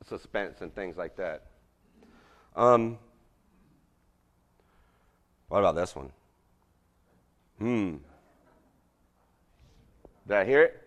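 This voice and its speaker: A man's voice: lowish voice, fairly bright tone. A middle-aged man giving a casual, interactive presentation to a church group, quizzing a live audience, with lots of ums and frequent "right?". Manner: chatty, drops in lots of ums and asks "right?".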